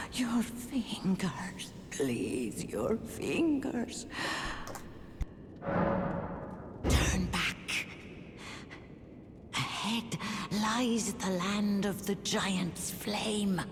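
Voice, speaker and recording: An actress voicing a mysterious, solemn young woman who gives warnings in video game dialogue, speaking in a hushed, grave, partly whispered way. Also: medium pitch. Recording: reverberant game audio with noise.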